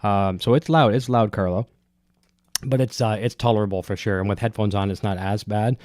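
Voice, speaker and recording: A man's voice: on the low side, steady tone, a little fast, a little mellow. Congested man rambling on a livestream. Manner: rambling, many fillers and restarts. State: congested with a cold, breathing heavily. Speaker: guitar gear livestream host. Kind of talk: casual live-stream chat, reading viewer comments. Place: home studio. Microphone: dynamic broadcast mic close up.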